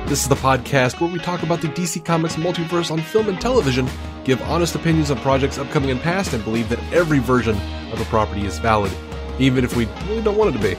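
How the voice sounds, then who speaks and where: A man's voice: medium pitch, over music. Chuckling male podcast host. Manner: laughs often, halting restarts. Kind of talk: casual podcast chat.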